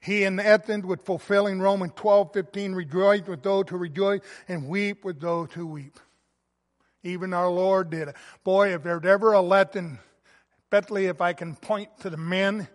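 A man preaching a sermon as pastor, earnest, swelling loud and then dropping quiet. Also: high-pitched, fairly even intonation, moderate pace, big-room sound.

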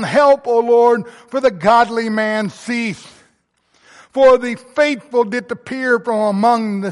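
A male pastor with an extremely high-pitched voice preaches emphatically in a large hall. His sermon rises and falls, swelling into loud emphasis before dropping back to a soft tone.

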